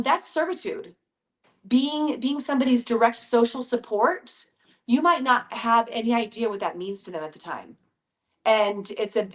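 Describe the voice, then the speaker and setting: An upbeat woman in her thirties with a fairly high voice talks casually to her listeners, calling them "you guys." She speaks from her home basement in a chatty, encouraging way. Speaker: podcast host. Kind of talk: casual motivational talk.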